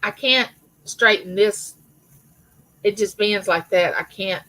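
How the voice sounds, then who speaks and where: A woman's voice: medium pitch, slow, pushed and bright, low-quality recording. A middle-aged woman hosting a casual live chat with her viewers, telling rambling personal stories. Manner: chatty, rambling storyteller, greets viewers by name. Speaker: livestream host.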